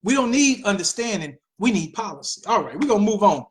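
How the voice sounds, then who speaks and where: A woman hosting a political commentary show, talking in an animated way with mocking asides and repeated phrases. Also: medium pitch, brisk. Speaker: host.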